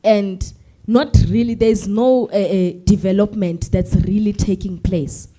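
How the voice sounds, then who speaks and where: A teenage South African student whose first language is Zulu, giving a polite, hesitant address to a forum with many pauses. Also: female voice, mid-range voice, fairly even intonation, warm tone. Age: teens. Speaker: student representative.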